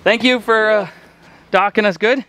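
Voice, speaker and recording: A man's voice: sits high, normal speed, background noise. A man hosting a casual outdoor vlog on a boat, enthusiastic and jokey. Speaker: vlogger, channel host. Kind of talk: casual upbeat vlog chat. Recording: background music under the voice.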